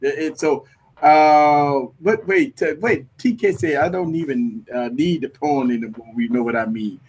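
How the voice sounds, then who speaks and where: Man hosting a chat, slightly high voice, animated, joking. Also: moderate pace, slightly rough. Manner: animated, joking, repeats himself. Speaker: host. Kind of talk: casual livestream chat.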